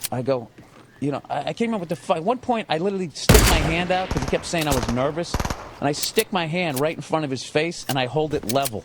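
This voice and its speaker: A male comedian telling a profane, animated story while playing a game. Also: a little high, quick pace, very noisy. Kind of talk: storytelling over gameplay. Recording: game gunfire behind voice.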